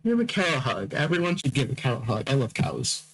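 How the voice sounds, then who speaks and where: A man's voice: medium pitch, big pitch swings, a little fast, fairly bright tone, poor audio. A man hosting a podcast in a casual, rambling monologue, drowsy and yawning, often stammering and repeating himself. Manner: repeats words and phrases, stammering restarts; drowsy, yawning between topics. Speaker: podcast host.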